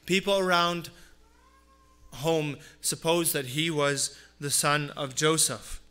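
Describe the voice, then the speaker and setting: Bright-voiced man preaching a sermon. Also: steady tone, takes it slowly, clean tone. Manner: earnest, repeats phrases for emphasis, drops low on asides. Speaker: pastor.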